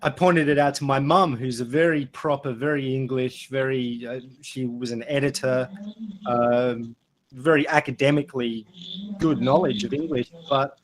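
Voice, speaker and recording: A middle-aged man with an Adelaide Australian accent, chatting casually through a webinar about accents, relaxed and anecdotal, with frequent fillers. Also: medium pitch. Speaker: guest speaker. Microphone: video call.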